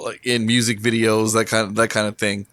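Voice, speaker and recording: A laid-back man co-hosting a podcast, with a smooth, resonant voice recorded dry and close. He talks in a relaxed, easy way and keeps breaking into laughs. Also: fairly low pitch, a little fast, dry recording. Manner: laid-back, laughs often while talking. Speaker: podcast co-host. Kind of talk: casual chat.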